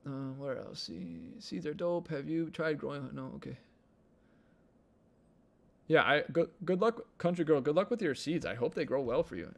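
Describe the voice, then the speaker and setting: A man's voice: a little high, expressive, normal speed, vocal fry. A man with a Midwestern accent hosting a live stream, rambling in an easygoing way and saying "like" a lot. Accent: Midwestern American. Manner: rambling, easygoing, heavy use of "like". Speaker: livestream host. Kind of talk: casual live-stream chat. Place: home indoors.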